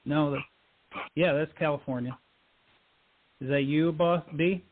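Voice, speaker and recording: A man's voice: on the high side, fairly even intonation, unhurried. Chatty man on a tinny line. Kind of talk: casual chat.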